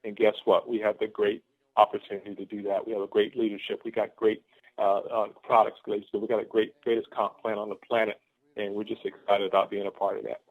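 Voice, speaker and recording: A man's voice: on the low side, little pitch movement, fast talker. A man giving an exuberant, repetitive motivational pep talk on a conference call. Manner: exuberant, repetitive, laughs often. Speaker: guest speaker on a team conference call. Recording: phone-line conference call.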